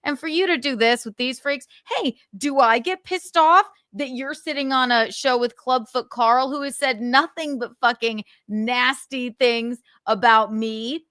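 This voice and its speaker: A woman's voice: high voice, a little slow, few pauses, pushed and bright, no room sound, studio quality. Indignant, foul-mouthed woman streamer. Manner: indignant, swears a lot, reads out texts. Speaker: livestream host. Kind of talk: casual gossip chat.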